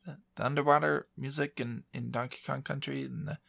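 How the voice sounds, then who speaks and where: A man's voice: medium pitch, steady tone, brisk, gravelly, sharp tone, dry recording. A man co-hosting a video game podcast, chatting casually in an easygoing, joking way. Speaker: podcast co-host. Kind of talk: casual chat.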